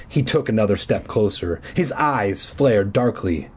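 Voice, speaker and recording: A man's voice: fairly low pitch, animated, measured pace, darkish tone, slightly rough. A man reading a storybook aloud in a playful way and joking between passages. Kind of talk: joking read-aloud narration.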